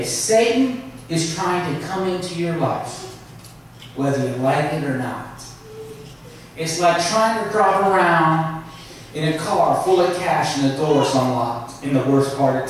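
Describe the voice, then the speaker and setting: A pastor preaching a sermon with emphasis, drawing out some phrases slowly. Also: male voice, sits high, a little hiss or hum. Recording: echoey hall, mic far off.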